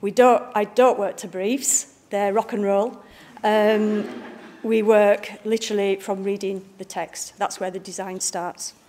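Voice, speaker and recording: A woman's voice: mid-range voice, steady tone, measured pace, darkish tone. A woman with a Northern English accent, a picture book art director giving a chatty, jokey talk to a live audience. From Bradford, northern England. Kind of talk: informal public lecture. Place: library event room with a live audience.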